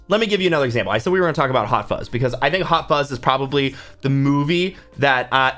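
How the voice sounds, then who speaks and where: A male book channel host talking casually to camera in a mid-pitched voice. He gets animated, acting out reactions with gasps and sudden whispers. Faint music sits underneath. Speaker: book YouTuber and author. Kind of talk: casual talk to camera about films.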